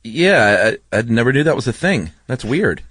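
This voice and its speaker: A man co-hosting a podcast in casual chat, laid-back and quick to laugh, reading listener mail aloud. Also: mid-range voice, sing-song, fairly bright tone, slightly rough, no echo. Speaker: podcast co-host.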